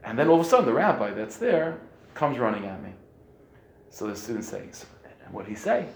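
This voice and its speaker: A man telling a story in a casual, animated way, acting out the people in it with many restarts. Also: mid-range voice, fairly quick, gravelly, reverberant. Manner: animated, acts out quoted voices, frequent restarts.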